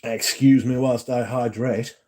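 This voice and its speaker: A man's voice: medium pitch, steady tone, a little slow, warm tone. A man, chatting casually and rambling on a livestream, answering viewers and swearing now and then. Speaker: livestream host. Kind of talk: casual chat.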